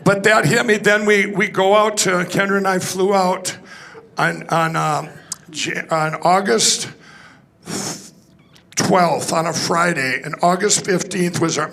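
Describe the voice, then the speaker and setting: A man giving a personal testimony at a conference, telling his story in an excitable, rambling way with many restarts and laughs. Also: a little high, vocal fry. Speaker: conference speaker. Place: conference hall stage.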